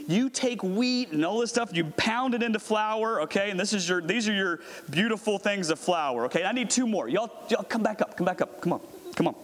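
With a high-sitting, expressive, slightly bright voice moving at a fairly quick clip, a pastor preaches theatrically, pulling volunteers onstage and playing a merchant in an audience role-play. Long reverb fills the echoey hall.

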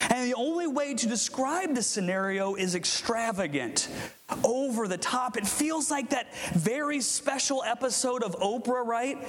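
A man preaching a sermon in a relaxed, conversational way, laughing often as he talks. His voice sits high for a man. The sound rings with long reverb over a faint hiss. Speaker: pastor.

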